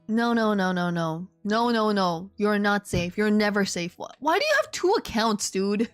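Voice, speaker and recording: Animated woman streaming a game. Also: mid-range voice, unhurried, no echo, faint music behind. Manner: animated, joking, talks to chat. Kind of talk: live game stream commentary.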